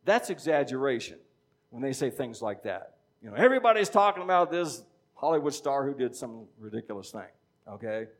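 A man's voice: mid-range voice, sing-song, fairly quick. A middle-aged man preaching a sermon in a conversational teaching style, often checking in with "okay?". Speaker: pastor.

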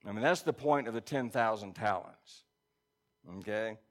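A man's voice: lowish voice, normal speed. A man preaching a sermon in a conversational way, reading scripture aloud and checking in with his listeners. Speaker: pastor.

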